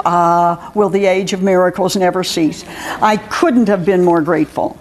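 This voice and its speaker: A woman's voice: mid-range voice, normal speed. A woman author reading her own personal story aloud, with wry humor and frequent laughter.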